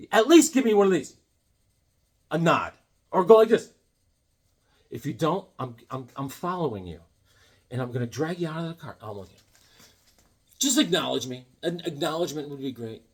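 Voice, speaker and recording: A man vlogging about his comic haul, telling rambling jokey stories in an animated way and often repeating his words. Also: fairly high pitch, moderate pace, long pauses, husky. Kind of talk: rambling casual storytelling.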